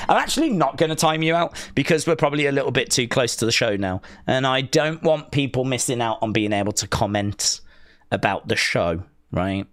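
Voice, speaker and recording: A man hosting a live wrestling watch-along, answering chat with jokey, sarcastic teasing and sudden loud outbursts. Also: mid-range voice, lively intonation, a little fast. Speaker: live stream host.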